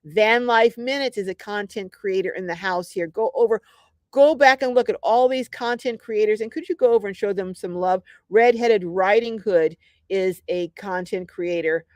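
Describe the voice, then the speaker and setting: A woman's voice: medium pitch, normal speed, a little mellow, no room sound. A middle-aged woman hosting a casual livestream, chatty and upbeat, reading out viewer comments with lots of ums. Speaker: livestream host.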